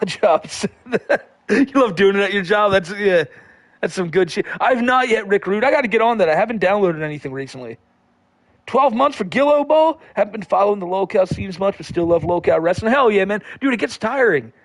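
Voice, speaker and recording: A man's voice: high voice, expressive, brisk, dry recording. A man hosting a livestream, reading viewer comments in a rambling, profane, laid-back way. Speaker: livestream host.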